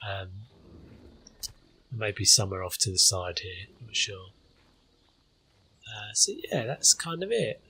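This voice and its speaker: A man's voice: lowish voice, very animated, takes it slowly, pauses often, bright, forceful tone, slightly rough. A man hosting a gaming channel, talking through his gameplay in a casual, hesitant way with many fillers.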